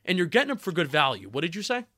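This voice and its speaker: A man with a New Jersey accent talks loosely and chattily, his voice bright and forceful and pitched a little high. The sound is close and dry, with no room around it. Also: huge pitch swings, very fast, dry recording. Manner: chatty, restarts words, laughs at own slips. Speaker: co-host of a football draft podcast. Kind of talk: casual sports analysis chat.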